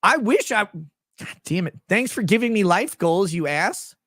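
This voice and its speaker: A young man from Minnesota, hosting a livestream, talks a little slowly in a high, expressive, slightly bright voice. His casual chat is rambling, crude, and joking, with many fillers, as he reads out super chats. The sound is studio quality with no echo.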